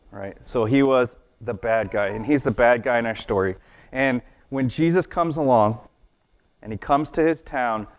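A man giving a casual children's sermon, chatty and playful, often asking the kids questions and laughing at his own jokes. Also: mid-range voice. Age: adult. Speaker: children's church teacher. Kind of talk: children's sermon with object lesson.

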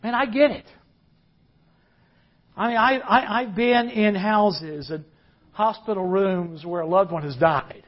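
A man preaching a sermon, earnest, drawing out key phrases slowly. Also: high-pitched. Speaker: pastor. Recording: dull lo-fi recording.

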